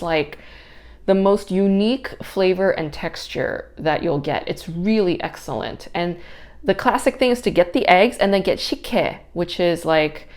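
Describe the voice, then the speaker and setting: A young woman hosting a podcast, telling a story casually with lots of swearing and exasperated ranting. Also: on the low side. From New York area. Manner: profane, exasperated, animated ranting. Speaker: podcast host.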